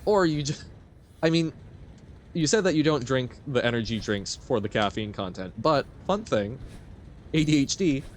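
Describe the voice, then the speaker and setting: A man chats loosely with his audience while playing a game on a live stream. His pitch swings up and down in an animated way, and he rambles, laughs a lot and answers comments as they come. There is a faint hum of noise behind him. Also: moderate pace. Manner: rambling, chatty, laughs often, answers chat.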